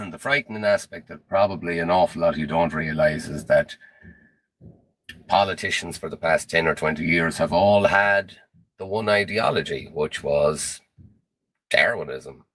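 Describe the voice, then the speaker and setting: Brief: low-voiced man, slow and grave conspiracy monologue, dry sound. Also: a bit bright, dry recording.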